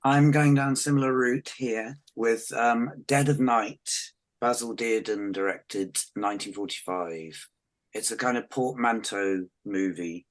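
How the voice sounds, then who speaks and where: A man's voice: medium pitch, measured pace. Articulate man guest on a podcast. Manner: articulate, explanatory. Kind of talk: casual chat.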